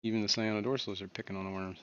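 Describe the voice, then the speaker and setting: Low-voiced man rambling on a livestream. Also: little pitch movement, racing, dry recording, dull audio. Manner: rambling, muttered asides, many fillers. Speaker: livestream host. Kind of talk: casual livestream chat. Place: home fish room.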